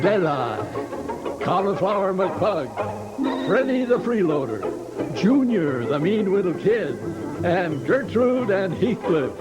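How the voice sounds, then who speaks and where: A man's voice: sits high, poor audio. A man announcing a television show and its characters in a formal style. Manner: slow, formal introduction. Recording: old broadcast with loud music. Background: music.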